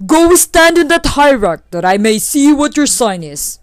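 A woman voicing the spirit of lightning, giving slow, loud commands in a folk tale. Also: high-pitched, big pitch swings, no room sound, studio quality, voice pushed up. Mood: commanding.

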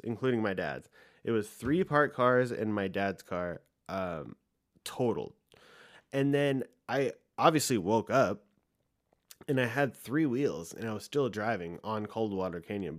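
A young man rants through a story, swearing freely and stacking filler words. His voice sits at an ordinary mid pitch for a man and he talks in a loose, rambling flow. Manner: profane, rambling, fast, heavy use of "like". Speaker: podcast host. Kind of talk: casual storytelling rant.

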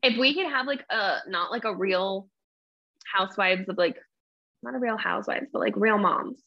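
A tired young woman chatting casually as host, quick and self-deprecating. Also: medium pitch, gravelly. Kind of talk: casual live chat. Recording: dull lo-fi live stream.

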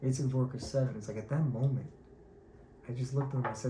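A man teaching a Torah class, telling stories with lively acted-out quotes. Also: mid-range voice, rapid-fire. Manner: animated storyteller acting out quoted voices. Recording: echoey room, faint background noise.

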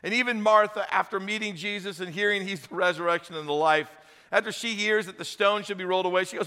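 A man preaching a sermon as pastor, telling the story with acted voices, loud shouted peaks and hushed appeals. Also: high-pitched, fairly even intonation, fast talker, clear, resonant tone, in a large hall. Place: church hall.

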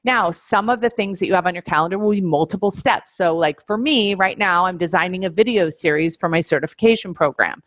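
Emphatic low-voiced woman coaching listeners. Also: a little fast, hardly any pauses, fairly bright tone, dry recording, studio quality. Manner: emphatic, repeats key phrases, addresses listeners directly. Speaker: life coach teaching a webinar. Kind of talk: instructional webinar talk.

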